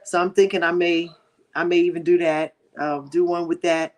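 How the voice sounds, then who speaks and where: A middle-aged woman hosting a livestream, talking to her viewers with deep emotion and prayerful gratitude, near tears in her grief. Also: little pitch movement, normal speed. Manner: emotional, warm-hearted, prayerful, addressing viewers directly. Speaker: livestream host. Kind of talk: heartfelt livestream talk.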